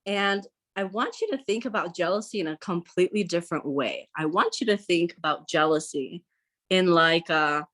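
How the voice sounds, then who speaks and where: A woman in her thirties, a podcast guest, giving casual advice and acting out quoted lines in lively voices. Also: fairly low pitch, moderate pace. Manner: chatty, acts out quoted lines in bright voices.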